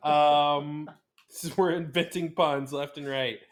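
A man's voice: on the high side, steady tone. A man co-hosting a podcast in casual chat, joking around with puns and poking fun at himself. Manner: jokey, punning, quick to self-mock. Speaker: podcast co-host.

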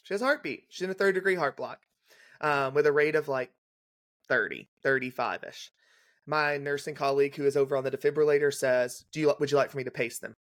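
A young man at a middle pitch recounts a hospital shift in close detail. He talks in a brisk, casual storyteller's way and acts out each line of dialogue. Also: a bit bright. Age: young adult. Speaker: guest, legal nurse consultant. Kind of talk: casual storytelling in a podcast interview.

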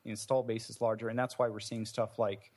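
A man's voice: fairly low pitch, flat delivery, fairly quick, darkish tone. A man, an indie game developer, answering interview questions in a thoughtful, meandering way with many fillers and restarts.

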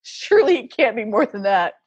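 A woman's voice: a little high, sing-song, a little fast, husky, lo-fi sound. A woman telling stories in a casual interview, laughing often as she talks. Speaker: guest.

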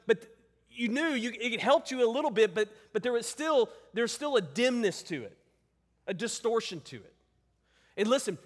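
Male pastor, earnest sermon delivery with emphatic repetition; high voice, long church reverb. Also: fairly bright tone. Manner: earnest, emphatic, repeats words for stress.

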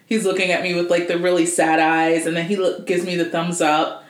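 A woman's voice: on the low side, level tone, a little fast. A woman co-hosting a casual chat, telling stories in a slangy, laughing manner. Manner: chatty storyteller, frequent laughter, slangy. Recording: roomy echoey room.

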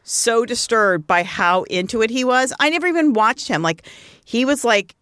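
A woman in her forties trades stories on a casual podcast. She talks loosely with lots of fillers and pops her pitch up to act out what others said. The sound is close and dry. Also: animated, normal speed, a bit bright, clean tone, no room sound. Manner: chatty storyteller, acts out quotes with big pitch jumps. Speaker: podcast co-host. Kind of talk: casual chat.

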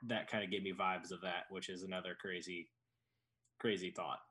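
An eager man co-hosts a podcast and chats casually about a TV show. His voice is fairly low and full of enthusiasm. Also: flat delivery, moderate pace, pushed and bright, breathy edge. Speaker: podcast co-host.

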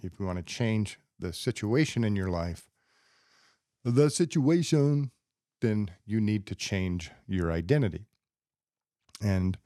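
A man hosting a podcast alone as a psychologist, explaining ideas step by step in a steady, lecturing way. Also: deep voice, no room sound, studio quality. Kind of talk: casual solo podcast talk. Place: podcast studio.

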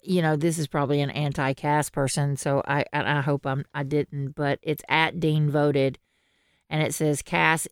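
Low-voiced woman hosting a chatty podcast. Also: clear, resonant tone, dry recording, studio quality. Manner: reads social media posts aloud, laughs often. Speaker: podcast host. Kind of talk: casual podcast chat.

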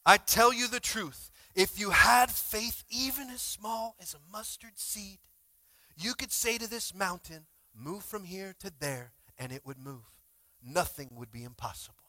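A man preaching with a strikingly high, bright voice, calling out to the congregation and pulling them into responses. He swings from loud, fired-up exhortations to quiet, chatty asides. The sound is dry and close. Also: measured pace, no echo. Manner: energetic, swings between shouting and quiet asides; informal, frequent "like" and call-and-response. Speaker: pastor. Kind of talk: sermon.

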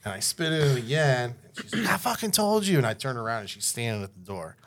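A man's voice: medium pitch, animated, fast talker. A man on a podcast, telling crude, wild stories in casual chat and laughing his way through them. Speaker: podcast guest.

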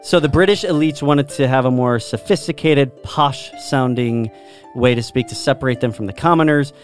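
A man's voice: medium pitch, moderate pace, soft background music. A man hosting a podcast, explaining at length in casual chat and demonstrating pronunciations. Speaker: podcast host.

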